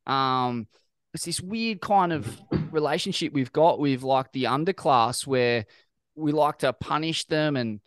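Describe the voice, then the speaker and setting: An Australian man in his thirties thinks aloud while hosting, circling his points and restarting sentences. His voice sits a little high for a man and sounds dry and close to the mic. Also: a little slow, smooth, no echo. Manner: reflective, rambling, many fillers and restarts. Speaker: podcast host. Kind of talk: casual conversational interview.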